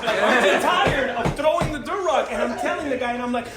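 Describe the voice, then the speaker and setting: A man casually telling a story on a podcast, animated and profane, laughing often as he talks. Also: extremely high pitch, fairly quick. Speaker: podcast host. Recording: echoey room with loud crowd chatter.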